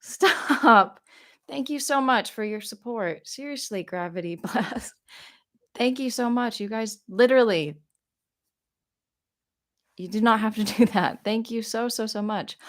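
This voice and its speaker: A young woman living in South Korea runs a casual livestream Q&A on her phone from home, rambling as she answers questions and overflowing with thanks. She speaks at normal speed in a slightly high, fairly bright voice.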